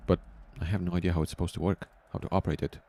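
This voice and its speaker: A man's voice: low-pitched, flat delivery, vocal fry, dark tone. A man voicing a nervous, peaceful male hero who keeps asking anxious questions. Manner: anxious questions, quick when flustered.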